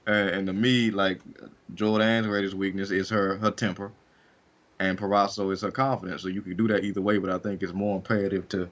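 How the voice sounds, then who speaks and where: A man's voice: sits low, little pitch movement, fairly quick, a bit bright. A man co-hosting a wrestling podcast, talking casually and rambling with lots of fillers and restarts. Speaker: podcast co-host. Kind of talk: casual chat.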